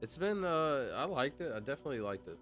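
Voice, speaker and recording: A young man talks loosely to his stream as he plays, drifting from topic to topic in a relaxed, slangy way. His voice sits at an ordinary middle pitch, with soft music playing quietly behind him. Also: quick pace. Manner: relaxed, rambling, slangy, says "bro" often. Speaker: livestreamer. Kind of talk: casual stream chat while gaming.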